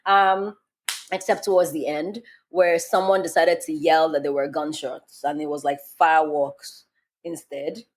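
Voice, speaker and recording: A young woman from Nigeria hosting a podcast, chatting casually and telling an animated story, laughing often. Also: low-pitched, measured pace. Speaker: podcast host. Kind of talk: casual chat.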